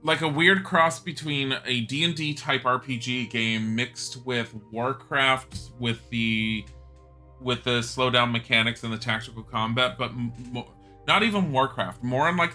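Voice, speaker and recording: Bright-toned man streaming a game. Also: medium pitch, a little slow, faint music behind. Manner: chatty, blunt, swears, thinks aloud. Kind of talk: casual gameplay commentary.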